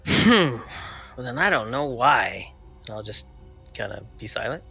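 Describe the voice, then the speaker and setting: A tabletop game player asking quick, excitable questions in and out of character. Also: mid-range voice, vocal fry, husky, soft background music. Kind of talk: casual tabletop play and in-character talk.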